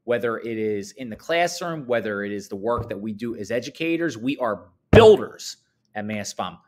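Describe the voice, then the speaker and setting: Lively upbeat man reading school announcements. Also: normal speed. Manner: upbeat, chatty, swoops up high for emphasis.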